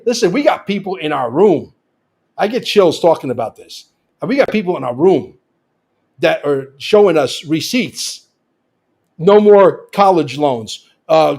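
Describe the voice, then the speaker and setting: Guest, man, high voice, emphatic talker who repeats and restarts lines. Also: a little mellow. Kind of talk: casual conversational talk.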